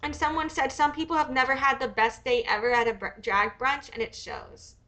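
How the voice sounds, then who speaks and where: Young American woman, livestream commentator, high and bright, a bit sick, profane, rambling. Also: fairly even intonation, brisk. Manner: profane, rambling, thinks aloud. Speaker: livestream host.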